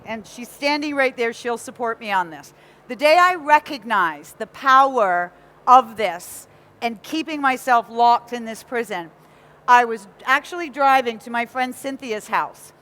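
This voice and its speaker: A woman from England with a North American accent, giving a lively motivational talk to a live audience and often asking them questions. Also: on the high side. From Nottingham, England. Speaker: motivational speaker.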